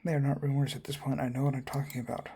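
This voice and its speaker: A man reads a visual novel's lines aloud, voicing the cast himself. His voice is gravelly and a little husky, with a mellow, dark tone. He moves quickly and stumbles, often restarting words mid-line. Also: mid-range voice, flat delivery. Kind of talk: reading game dialogue aloud.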